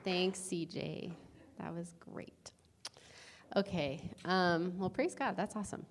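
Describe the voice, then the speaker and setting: Woman group leader, slow and relaxed, doing announcements, faint hiss, a bit off mic. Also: on the low side. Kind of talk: casual announcements.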